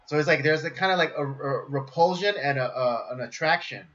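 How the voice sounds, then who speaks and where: A man co-hosting a podcast, talking casually about films in a hesitant, halting way. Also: fairly high pitch, fairly bright tone. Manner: hesitant, halting, many fillers. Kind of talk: casual film review chat. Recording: dull lo-fi line with faint noise.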